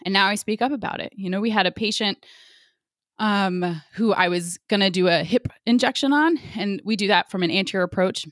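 A woman's voice: medium pitch, a little fast, dry recording, studio quality. A woman in her forties, a sports medicine physician, speaks candidly as an interview guest, telling stories with lots of fillers. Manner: candid, animated, frequent fillers.

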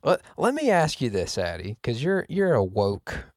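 A man's voice: medium pitch, wildly swooping pitch, moderate pace, a little mellow, no echo, clean studio sound. A man hosting a casual podcast chat, wry and joking, a bit rambling. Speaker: podcast host.

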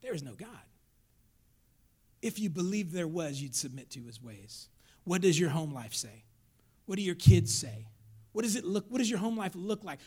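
A male pastor preaches with a high, lively voice that climbs and dips across a wide range. His tone carries a gravelly edge. He moves from hushed asides to shouted lines and chats familiarly with the congregation. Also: normal speed. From Mexican heritage, raised in the US. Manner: folksy, conversational with the congregation. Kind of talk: sermon.

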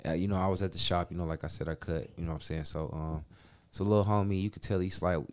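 A man on a casual podcast telling a long profane story, acting out quotes and swinging between loud and soft. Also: low voice, steady tone, fast, clean tone. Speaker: podcast co-host. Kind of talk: casual chat. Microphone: studio mic.

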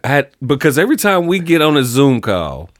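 A man's voice: mid-range voice, sing-song, normal speed, dry recording, studio quality. A man co-hosting a casual podcast chat, teasing and laughing at a friend's story. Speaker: podcast co-host.

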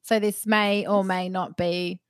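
A woman's voice: medium pitch, level tone, unhurried, no echo, studio quality. A woman co-hosting a casual chat podcast, frank and crude, often giggling. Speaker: podcast co-host.

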